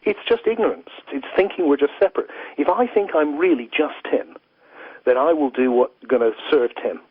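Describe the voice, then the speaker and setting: An earnest man from England talks through spiritual ideas in a flowing, reflective way, leaning on "you know". His voice is a little husky. It comes over a dry, tinny phone line. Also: a little high, fairly quick, no room sound. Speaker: philosopher and guest. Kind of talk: reflective interview talk.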